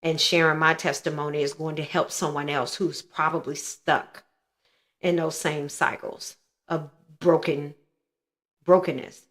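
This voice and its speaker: A woman's voice: deep voice, steady tone, measured pace, a bit bright. A woman in her thirties frankly and earnestly telling a painful personal story as the host of her own show.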